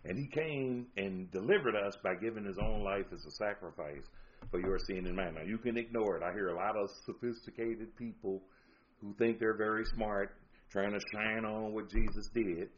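A man preaches an emphatic sermon in a lowish voice, reading out scripture as he goes. The recording is dull and lo-fi. A faint hiss sits under it. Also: normal speed.

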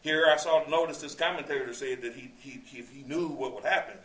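This preacher has a medium-pitched, slightly bright voice with fairly even intonation, and he talks fairly quickly. Recorded on a distant mic in an echoey room, he teaches his sermon verse by verse, quoting scripture and asking rhetorical questions in a conversational style.

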